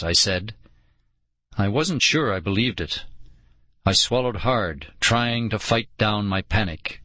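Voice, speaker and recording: A man narrating an audiobook in a slow, dramatic storytelling manner. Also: on the low side, lively intonation, bright, forceful tone, dry recording.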